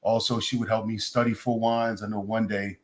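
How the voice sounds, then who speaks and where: A man guest in a casual interview, telling his story in a relaxed, low-key way. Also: moderate pace.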